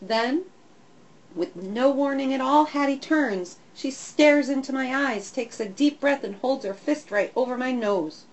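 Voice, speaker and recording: A woman narrating a first-person children's story in a lively, expressive way. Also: sits high, a little slow, low-quality recording. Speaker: audiobook narrator.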